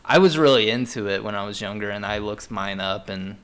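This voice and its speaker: A man's voice: fairly low pitch, a little fast, a bit bright, clean tone. Young man, loose rambling podcast chat. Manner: loose, rambling, swears freely. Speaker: podcast co-host. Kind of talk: casual chat.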